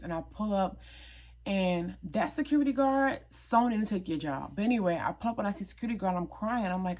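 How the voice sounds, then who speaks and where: A woman's voice: medium pitch, fairly quick. A young woman, retelling a personal story in a casual, emphatic vlog style. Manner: animated, emphatic retelling with quoted dialogue. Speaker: vlogger.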